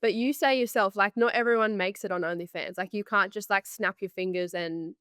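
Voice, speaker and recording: A woman's voice: mid-range voice, steady tone, fairly quick, a bit bright, clean tone, no room sound, clean studio sound. Direct, swearing woman co-host. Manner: direct, swears casually, many fillers. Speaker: podcast co-host. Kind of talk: casual podcast chat.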